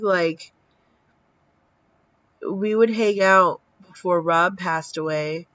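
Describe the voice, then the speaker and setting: A woman in her thirties, a vlogger, tells a story in a casual video at a slow pace with frequent pauses and a medium-pitched voice. Tired from little sleep, she is animated, acts out the dialogue she quotes, and swears casually. The sound is dull and lo-fi, with no room sound.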